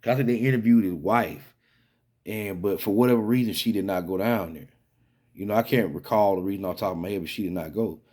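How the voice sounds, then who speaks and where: Lower-pitched male vlogger, casual and rambling, skeptical head-shaking delivery. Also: fast, a little mellow. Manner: rambling, conversational, many fillers and restarts. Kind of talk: casual spoken commentary.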